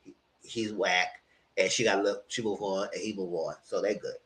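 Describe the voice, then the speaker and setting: A man giving casual, gossipy reality TV commentary, animated and freely profane. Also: sits low, moderate pace.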